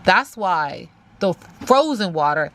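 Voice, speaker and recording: A woman's voice: lowish voice, very animated, slow, a bit bright. A woman giving a casual spiritual tarot reading, emphatic, talking aloud to spirit and repeating phrases. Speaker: tarot reader.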